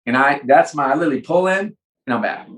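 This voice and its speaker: Energetic man telling stories in an echoey room. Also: a little high, fast. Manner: energetic storyteller, acts out both sides of dialogues. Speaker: guest, sports and entertainment executive. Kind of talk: animated podcast conversation. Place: home.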